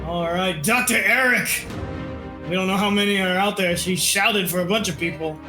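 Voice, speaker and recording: A man's voice: sits high, normal speed. A man running a tabletop game as game master, laughing often as he narrates. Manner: laughing often, voices bandits. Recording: echoey room, faint music.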